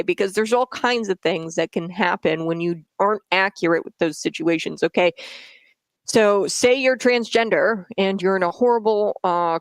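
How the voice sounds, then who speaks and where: A woman's voice: lowish voice, smooth, no echo. A woman commenting on the radio in an indignant, sarcastic way, with many fillers and restarts.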